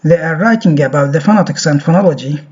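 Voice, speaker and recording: A man's voice: a little high, quick pace, a little mellow, husky. A man giving a recorded phonetics lecture, reading from a textbook and repeating example words over and over. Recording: dull lo-fi recording.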